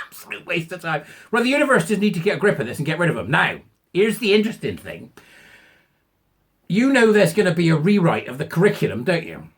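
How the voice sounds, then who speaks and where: A man's voice: high-pitched, very animated, a little fast, husky. An English man ranting in sarcastic, mocking commentary and laughing at his own jokes. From England. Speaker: online commentator.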